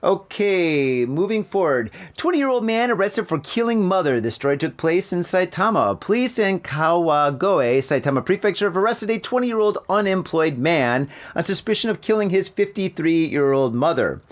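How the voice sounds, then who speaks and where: A man hosting a podcast, reading news stories and riffing on them in an animated, profane, joking way. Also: sits high, moderate pace, few pauses. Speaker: podcast host. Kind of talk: casual news commentary.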